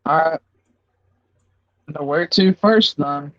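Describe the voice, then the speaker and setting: A man chats as a player in a tabletop game, polite and low-key. His voice sits a bit high, in dull, dry audio. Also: slow, sharp tone, dry recording.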